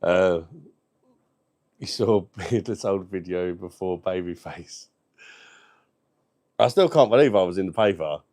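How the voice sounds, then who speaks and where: A man's voice: sits low, measured pace, long pauses, a little mellow. A man hosting a casual livestream, reading out viewer comments and bantering cheekily. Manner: cheeky, banters and swears freely. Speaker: beer review livestream host.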